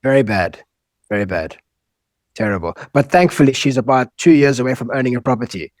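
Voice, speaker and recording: A South African man in his thirties, mid-pitched, talking in a casual, frank way sprinkled with "man" and "like". His voice sits close and dry on the mic. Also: brisk, darkish tone, no echo. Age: 30s. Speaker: guest, husband. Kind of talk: casual candid conversation.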